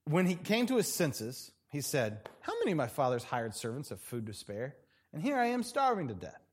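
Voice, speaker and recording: A male pastor preaching a sermon in a church, dramatic, swinging from loud passages to hushed ones. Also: fairly high pitch, wildly swooping pitch, normal speed, husky.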